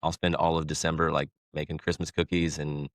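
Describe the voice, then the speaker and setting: A man's voice: a bass voice, flat delivery, brisk, no echo. A man talking as a podcast guest in a casual, rambling way, restarting sentences and laughing between thoughts. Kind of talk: casual conversation.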